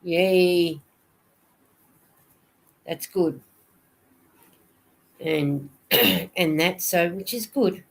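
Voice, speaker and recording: A woman's voice: fairly low pitch, extremely slow, pauses often. A woman hosting a casual livestream, chatting and answering viewer comments. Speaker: knitting vlogger hosting a livestream.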